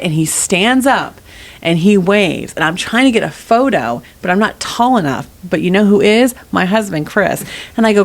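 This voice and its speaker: A woman co-hosting a podcast, telling a story with animated quoted voices and frequent laughter. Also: mid-range voice, moderate pace. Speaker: podcast co-host. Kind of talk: casual chat.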